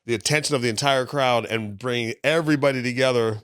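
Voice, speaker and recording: A man's voice: mid-range voice, fairly quick, a bit bright, dry recording, studio quality. A man in his fifties, a comedian telling rambling stories as a podcast guest, chuckling between them. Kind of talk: casual interview storytelling.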